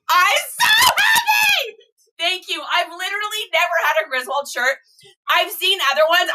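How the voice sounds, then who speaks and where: A woman reseller chatting casually to viewers, gushing and excitable as she unboxes items. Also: very high voice, recorded from a distance. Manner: gushing, excitable, squeals and laughs. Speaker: reseller vlogger.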